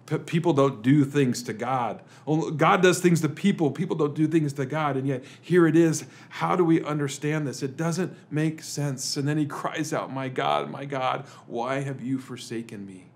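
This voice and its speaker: A man's voice: fairly high pitch, moderate pace, few pauses. Man preaching with dramatic rhetorical questions. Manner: rhetorical questions, swings between emphatic and hushed. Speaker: pastor. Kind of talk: dramatic Good Friday sermon.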